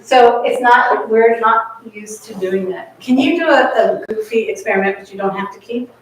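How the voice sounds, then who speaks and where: A woman's voice: on the high side, moderate pace, over loud music. A woman coaching a chamber group in a masterclass, encouraging and chatty, often singing rhythms on nonsense syllables. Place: rehearsal room in a community center. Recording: echoey room, miked from a distance.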